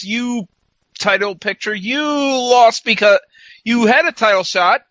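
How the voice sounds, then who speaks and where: Sarcastic podcast guy, high bright voice, dull lo-fi sound, laughing at the wrestlers. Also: no echo. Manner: sarcastic, recounts the show in mock quotes, laughs often. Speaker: podcast co-host. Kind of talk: casual wrestling recap chat.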